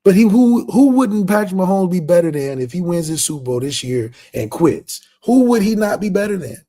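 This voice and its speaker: A man co-hosting a podcast, talking sports in an emphatic, excitable way and laughing often. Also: high-pitched, a little fast. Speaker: podcast co-host. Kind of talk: casual sports chat.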